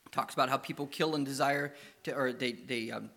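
A man preaching a sermon. He tells lively stories and coaxes the children with questions. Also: mid-range voice, a little fast, creaky. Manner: lively anecdotal storytelling, coaxing questions to children.

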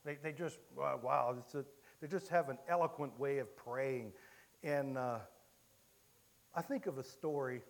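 A man from Illinois preaching a sermon, telling a story with many halting restarts. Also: mid-range voice, gravelly. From Illinois, USA.

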